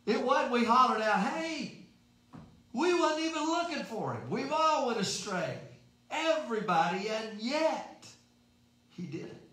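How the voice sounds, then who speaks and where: A man's voice: very high voice, sing-song, a little slow, sharp tone. A man preaching a sermon in a folksy, emphatic way, asking rhetorical questions. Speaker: pastor. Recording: very echoey room.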